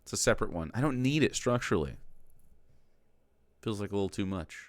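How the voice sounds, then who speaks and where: A man with a lowish voice talks casually on stream, swearing freely and ranting in exasperation. The sound is close and dry, with no room around it. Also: expressive, brisk, dry recording. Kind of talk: casual reaction commentary.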